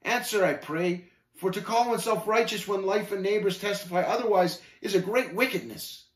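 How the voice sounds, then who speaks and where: A man's voice: sits high, moderate pace, reverberant, voice pushed up, close to an everyday voice. A man reading aloud and voicing a plain-spoken, earnest male pilgrim who speaks matter-of-factly. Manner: steady, matter-of-fact, earnest.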